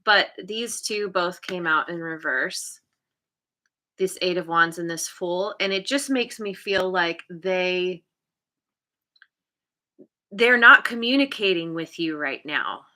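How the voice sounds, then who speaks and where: Slow, bright-voiced woman reading tarot. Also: fairly low pitch. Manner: hesitant, searching, many restarts. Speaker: tarot reader.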